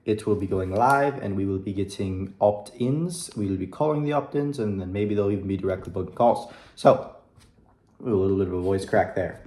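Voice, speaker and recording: A young vlogger with a fairly low, slightly mellow voice chats directly to his viewers in a casual video diary, upbeat and a bit rambling with plenty of fillers. He talks fairly quickly with fairly even intonation. He's at his computer in an echoey room, and keys click now and then.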